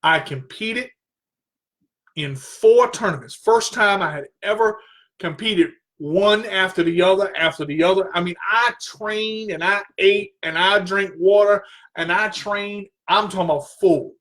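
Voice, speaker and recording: Unhurried and fairly bright in tone, with a voice that sits high, this radio talk show host earnestly relates a personal story. He tends to say things twice and his voice strains once he's worked up.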